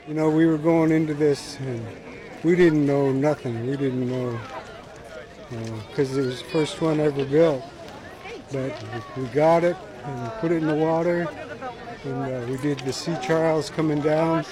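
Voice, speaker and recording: Plainspoken male carver, halting, slightly high voice, crowd noise outdoors. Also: steady tone. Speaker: canoe carver interviewed. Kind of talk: casual interview answers.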